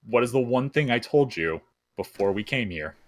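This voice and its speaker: A man's voice: medium pitch, lively intonation, normal speed. Exasperated man playing a tabletop game. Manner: exasperated, stammering restarts. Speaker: player. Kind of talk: in-character tabletop play.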